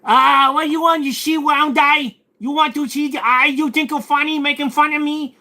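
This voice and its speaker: A man putting on a shrill, indignant voice and taunting by repeating himself. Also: fairly even intonation, moderate pace, bright, forceful tone, exaggerated voice. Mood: mocking.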